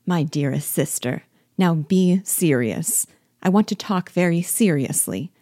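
A woman reading the part of a gentle, earnest young elder sister in an audiobook-style reading, sounding tender and easily astonished. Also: lowish voice, expressive, unhurried, no echo, studio quality.

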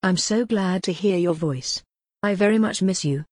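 A woman's voice: fairly low pitch, normal speed, no echo, lightly acted. A woman voicing an earnest man who is calling his wife from a work trip, eager and affectionate, in an audiobook read dry and close. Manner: eager and affectionate, softer when giving bad news. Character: earnest adult man, a husband away on work.

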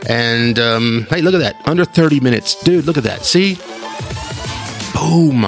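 A man talks loosely into his podcast mic, circling back and restarting his sentences as he goes. His mid-range voice carries a steady gravelly fry underneath. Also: medium pitch, measured pace, soft background music. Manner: rambling, animated, with repeated restarts. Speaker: podcast host. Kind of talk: casual solo podcast chat.

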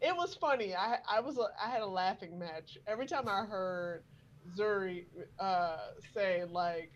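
A woman in casual conversation, playful and quick to laugh. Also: mid-range voice, animated, muffled recording, a little hiss or hum. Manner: playful, laughing, does funny voices. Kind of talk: casual chat.

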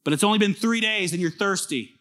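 A pastor preaching a sermon in a lively, conversational way, often asking the listeners questions. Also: male voice, high voice, brisk. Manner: casual fillers and restarts.

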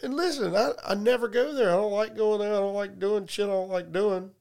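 A middle-aged podcast co-host casually tells profane, joking stories, acting out both sides of conversations. His voice sits high and sounds gravelly and darkish, and he speaks briskly.

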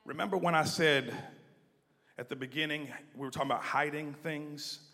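A man preaching with fervor in a church hall, his slightly higher-than-usual voice ringing out with a long reverb. He swings from hushed asides to loud, emphatic calls and asks the congregation to repeat his words. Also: fairly even intonation, normal speed, vocal fry. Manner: building from quiet asides to near-shouted emphasis; leads the congregation in call-and-response. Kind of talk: sermon.

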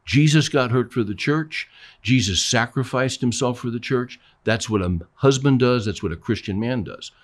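Here the older man talks at a normal speed in a mid-range voice. As a pastor and co-host, he relaxes into telling stories, playing both voices in the exchanges he recounts.

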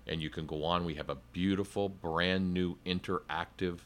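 A man's voice: low-pitched, fairly even intonation, moderate pace, fairly bright tone. A man who is a cigar company sales rep, explaining in detail in a playful, casual podcast chat.

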